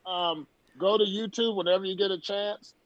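A man's voice: sits high, fairly even intonation, moderate pace, a crowd in the background. A man who once played pro baseball, telling stories in a casual sports talk show. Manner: storytelling, emphatic. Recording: dull lo-fi dry sound.

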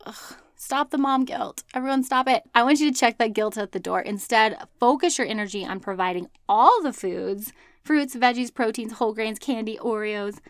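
A woman in her thirties hosts a podcast and talks straight to her listeners. Her voice sits a little high, chatty and upbeat, with frequent laughs. The sound is close and dry, with no room around it. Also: dry recording. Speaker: podcast host. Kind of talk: casual advice talk.

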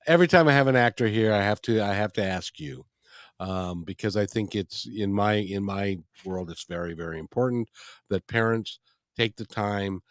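A man's voice: fairly low pitch, moderate pace, no echo, studio quality. A man hosting a podcast, asking questions in casual chat and laughing often. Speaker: podcast host.

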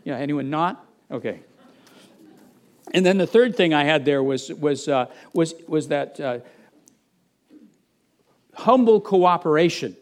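A man's voice: on the high side, expressive, takes it slowly, pauses often. A middle-aged male pastor preaching a conversational sermon, with frequent restarts and asides to the congregation.

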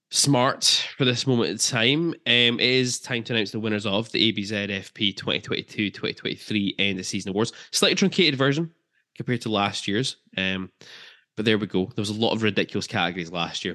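A man's voice: fairly low pitch, pushed and bright. Chatty man hosting a podcast. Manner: chatty, jokey, with filler ums. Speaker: podcast co-host. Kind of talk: casual football podcast chat.

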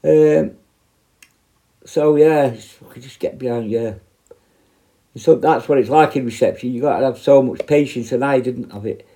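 Middle-aged bloke, prison officer, swears constantly, dark mellow tone, tells it blunt. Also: male voice, mid-range voice, normal speed. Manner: blunt, heavy swearing, animated retelling. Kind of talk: casual storytelling monologue.

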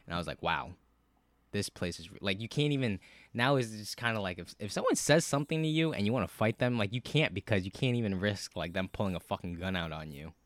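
A man telling a story in casual podcast chat, cursing a lot, with many fillers and animated bursts. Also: fairly low pitch, fast, no room sound. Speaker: podcast co-host.

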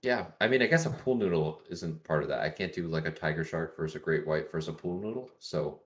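A man's voice: deep voice, expressive, fast talker, fairly bright tone. A man in a casual movie review chat, complaining in a wry, exasperated way.

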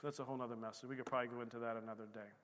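A middle-aged male pastor preaching a sermon with fervor, swinging between shouts and quiet asides. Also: medium pitch, flat delivery, very fast, in a large hall.

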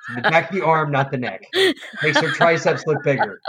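A man's voice: fairly high pitch, brisk, crowd noise. Profane, rambling male podcast host. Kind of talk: casual chat.

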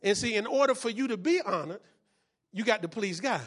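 A man preaching a sermon as pastor, often shouting and repeating phrases, calling out to the congregation for responses. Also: high voice, expressive, brisk.

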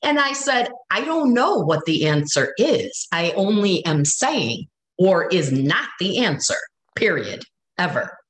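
A woman with a slightly hoarse voice tells stories in an easy, animated way. She sits at a middle pitch, and her speech rings in an echoey room. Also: unhurried. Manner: storytelling, animated, laughs often. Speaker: guest speaker. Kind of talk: casual spiritual talk.

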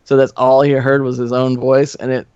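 A middle-aged man, a podcast guest, telling old band stories in a relaxed, profane, laughing way. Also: medium pitch, normal speed, smooth, dry recording. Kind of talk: casual storytelling. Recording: slightly muffled dry studio recording.

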